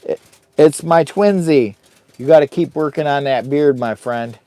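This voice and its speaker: A little high and unhurried, his warm-toned voice comes through in a dry recording. He's a camping-trip vlogger livestreaming on his phone from a heated tent, rambling casually and urging everyone to like and share.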